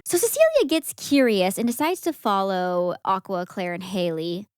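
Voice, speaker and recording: A woman's voice: mid-range voice, moderate pace, clear, resonant tone, no room sound. Young woman on a podcast retelling a movie plot, does the characters' voices, dry close sound. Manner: animated storytelling, acts out characters' lines. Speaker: podcast co-host. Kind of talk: casual movie recap chat.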